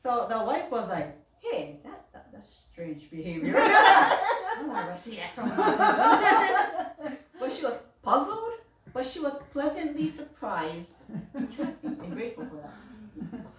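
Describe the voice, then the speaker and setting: A woman's voice: sits high, big pitch swings, takes it slowly, a bit bright, roomy sound, far from the mic, rough recording. A woman minister giving a casual sermon, chatty, laughing often and acting out the voices she quotes.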